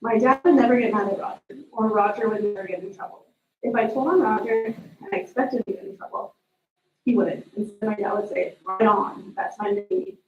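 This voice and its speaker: A woman speaking as a sister at a memorial, telling family stories in an animated way. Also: on the high side, a little fast, a little hiss or hum. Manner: storytelling, animated retelling of family moments. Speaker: sister giving a eulogy. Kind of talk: memorial eulogy with family anecdotes. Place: memorial service room. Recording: distant echoey room mic, dull sound.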